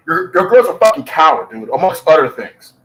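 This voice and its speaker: A man's voice: a little high, very animated, brisk, fairly bright tone, rough recording. A man giving heated commentary, swearing constantly and repeating his points. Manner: profane, heated, repetitive. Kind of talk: ranting commentary.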